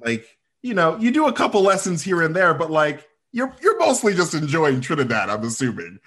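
Husky, animated man guesting on a podcast. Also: fairly high pitch, fairly quick. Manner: rambling, many fillers like "like". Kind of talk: casual podcast chat.

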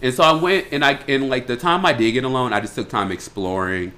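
A man from Chicago co-hosts a podcast in casual chat, his voice bright and forward. He talks in a loud, crude, animated way, with bursts of laughter. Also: mid-range voice, brisk. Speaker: podcast co-host.

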